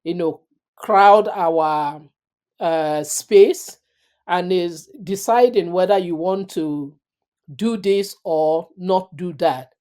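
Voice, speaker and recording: A middle-aged woman with a fairly low, mellow voice. She speaks earnestly and at a measured pace, reflecting on her choices and leaning on her faith as an interview guest.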